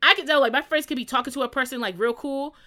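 A woman's voice: sits high, quick pace. A woman co-hosting a casual podcast chat, telling stories and acting out voices as she goes. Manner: animated, acts out voices in her stories. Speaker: podcast co-host.

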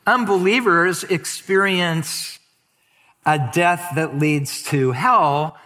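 Bright-voiced preacher in a reverberant hall. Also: male voice, fairly high pitch, slow pace. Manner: emphatic, draws out key words, reads scripture aloud. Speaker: pastor. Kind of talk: sermon.

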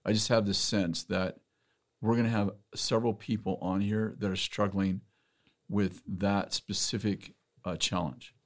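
A man hosting an interview chat, giving relaxed, brief prompts to his guest. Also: fairly low pitch, unhurried. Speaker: host.

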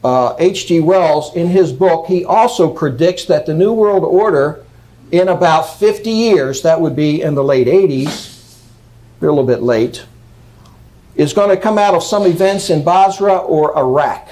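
Emphatic male lecturer, slightly high voice. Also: measured pace, warm tone, poor audio. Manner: emphatic, checks in with "okay?". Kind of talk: lecture reading quotes.

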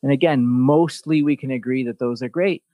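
With a medium-pitched voice at normal speed, a man hosts a laid-back podcast, spinning animated, profane stories full of blunt remarks and mocking sarcasm. The recording is lo-fi and has no room sound.

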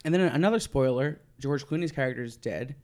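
A man's voice: medium pitch, lively intonation, fairly quick, darkish tone. A man in casual movie-review chat, dropping wry, sarcastic quips.

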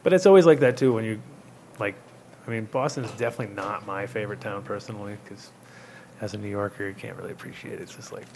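A man's voice: fairly low pitch, quick pace, vocal fry, background noise. A man from Rhode Island hosting a casual podcast chat, rambling through stories, swearing and acting out quotes. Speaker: podcast host.

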